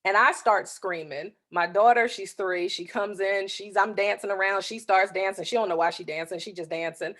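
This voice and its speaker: A woman's voice: medium pitch, normal speed, hardly any pauses. A woman in her thirties, an author hosting her own show, casually telling a personal story and acting out the other people's lines. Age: 30s. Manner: lively, acts out the voices in her story.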